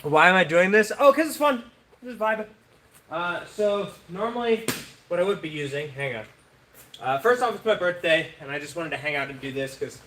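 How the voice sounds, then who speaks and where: A man's voice: on the high side, a bit bright, recorded from a distance, a little hiss or hum. Chatty man streaming in an echoey room. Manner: chatty, thanks viewers between practice throws. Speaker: livestream host. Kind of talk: casual live-stream chat.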